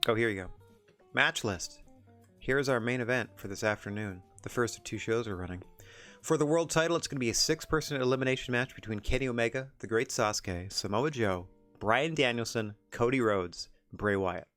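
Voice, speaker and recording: A man's voice: mid-range voice, normal speed, fairly bright tone, faint music behind. A man streaming a wrestling management game, chatting casually in a rambling, self-deprecating way. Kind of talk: casual gameplay commentary.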